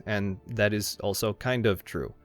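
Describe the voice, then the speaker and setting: A man with a fairly low voice narrates a comedic video essay from a script. His tone is irreverent and sarcastic, and he swears freely. Faint music plays underneath him. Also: steady tone, measured pace. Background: faint background music.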